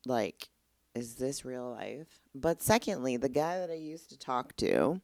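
A woman's voice: a bass voice, sing-song, measured pace, a little mellow, no room sound, clean studio sound. A young woman hosting a casual solo podcast, candid and exasperated, rambling with lots of "like". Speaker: podcast host.

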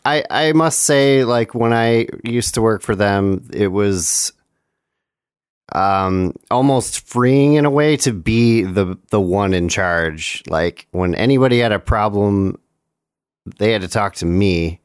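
A man's voice: fairly low pitch, slow pace, smooth, dry recording, studio quality. A man chatting casually on a podcast in a laid-back, wry way. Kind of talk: casual chat.

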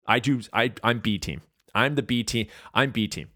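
A man in his forties from California, hosting a podcast and talking in a casual, animated, self-mocking rant. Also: medium pitch, normal speed, dry recording, studio quality. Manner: animated, ranting, self-deprecating. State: out of breath. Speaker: podcast host. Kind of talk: casual monologue.

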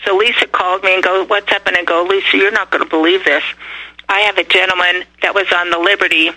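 A woman guest on a talk radio show, telling a story with lively energy and acting out the dialogue as she goes. Her tone is very bright and sharp. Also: fairly low pitch, quick pace, rough recording.

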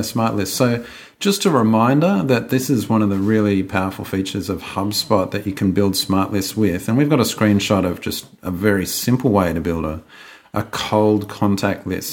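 A man co-hosting a podcast, chatting casually with a relaxed, talkative manner and frequent ums and restarts. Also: lowish voice. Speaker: podcast co-host.

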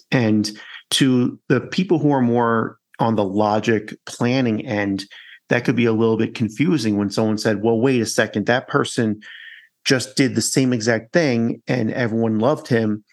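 A man from New York hosting a podcast, conversational and quick, with many fillers. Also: mid-range voice. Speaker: podcast host. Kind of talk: podcast interview.

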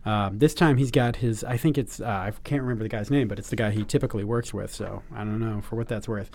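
A man's voice: on the low side, fairly even intonation, fast talker, darkish tone. A man co-hosting a podcast in casual chat, upbeat and joking with many fillers. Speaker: podcast co-host.

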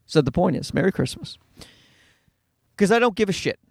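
A man in his thirties hosts a casual comedy podcast, ranting with plenty of swearing and bursts of mock voices. His voice sits high and leaps around a lot. The sound is dry and close, as from a small home studio. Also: normal speed, creaky, dry recording. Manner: animated, profane, ranting with acted-out voices.

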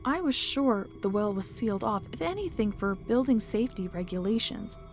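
Female host for horror narration, steady and measured, mid pitch, faint music bed. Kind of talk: scripted horror story narration.

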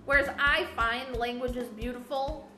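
A woman's voice: sits high, steady tone, a little slow, pushed and bright, echoey room, faint music behind. A woman co-hosting a casual chat, rambling and enthusiastic, with lots of fillers. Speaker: podcast co-host.

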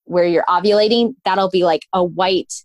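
A woman's voice: on the low side, steady tone, normal speed, no room sound. A woman speaking as a guest on a casual podcast, explaining things in a chatty, informal way full of "like" and "um". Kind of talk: casual conversational interview.

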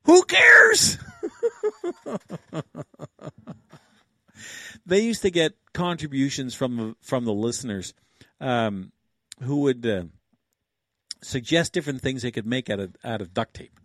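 Man in his 60s from Canada, rambling livestream host, middle pitch, dry close sound. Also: expressive, moderate pace, no echo. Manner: rambling, chuckling, thinks aloud. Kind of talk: casual livestream chat.

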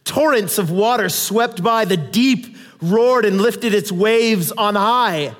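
A man preaching a sermon in an animated, conversational way with dramatic Bible readings. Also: high voice, takes it slowly, big-room sound.

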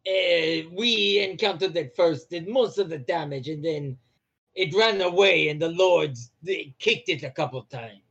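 A man's voice: on the high side, unhurried, a bit bright, dull audio. A man playing a tabletop game, joking with the others. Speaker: player. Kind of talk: casual chat at a game table.

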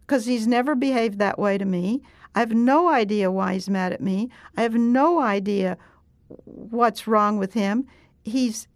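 A woman's voice: a little high, no echo. Dry, close woman telling a story. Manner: animated, laughs while telling. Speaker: scientist. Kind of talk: storytelling in conversation.

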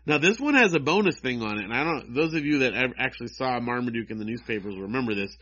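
Man, wry, mocking, casual chat, mid pitch, dull recording. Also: animated, quick pace, bright, forceful tone. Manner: wry, mocking, reads dialogue in raised voices. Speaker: co-host reading comic strips. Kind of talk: casual chat, reading aloud. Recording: dull lo-fi sound.

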